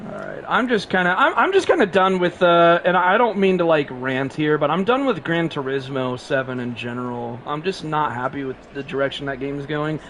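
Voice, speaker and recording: A man's voice: a little high, a little fast, few pauses, a bit bright, slight background noise. A man streaming a racing game live, chatting casually and rambling with frequent laughs, sleep-deprived and coughing.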